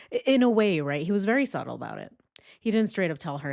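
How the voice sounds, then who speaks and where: A woman's voice: fairly low pitch, normal speed, vocal fry, long pauses. Sarcastic, swearing woman reading transcripts. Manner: animated, sarcastic, swears often. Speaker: true crime commentator.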